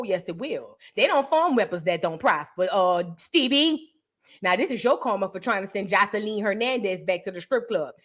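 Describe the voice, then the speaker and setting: A woman's voice: on the high side, a bit bright. A woman hosting a casual reaction commentary, talking in a blunt, crude and mocking way. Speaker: commentary host.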